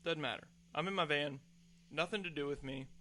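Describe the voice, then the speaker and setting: In a casual ranting monologue, a podcast host tells an exasperated, profane, heated story. His voice is a little high, bright and pushed, a little fast, with a slight hiss or hum in the audio.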